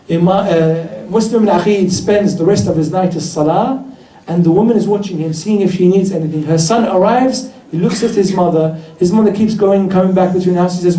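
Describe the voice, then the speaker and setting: A man's voice: sits high, fairly quick, dark tone. A man telling a martyrdom story as a sermon, in a mournful tone, recorded in a hall. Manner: mournful storytelling, voicing the figures in quotes. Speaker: speaker at a religious gathering. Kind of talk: sermon, retelling a martyrdom narrative. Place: hall of a religious gathering. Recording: echoey hall, mic at a distance.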